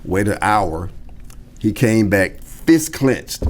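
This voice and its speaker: Middle-aged male comedian, lowish voice, lively storyteller who does the voices. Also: measured pace. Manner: acts out quoted voices, shifting pitch. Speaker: comedian guest. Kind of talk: animated storytelling.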